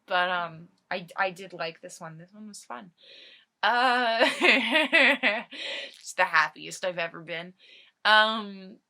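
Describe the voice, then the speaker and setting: A woman's voice: medium pitch, lively intonation, takes it slowly, pushed and bright. A young woman improvising a comic story as a video host, rambling and giggly as she ad-libs.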